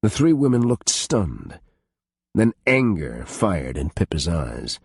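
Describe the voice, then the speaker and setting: A man reading a romance audiobook as narrator, expressive and voicing each character. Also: rumbling low, unhurried, gravelly, slightly rough, no room sound, clean studio sound. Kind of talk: scripted narration.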